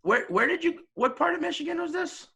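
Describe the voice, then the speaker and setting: A man co-hosting a comedy podcast, chatting casually and tossing in quick jokes. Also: very high voice, lively intonation, sharp tone. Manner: quick, joking reactions.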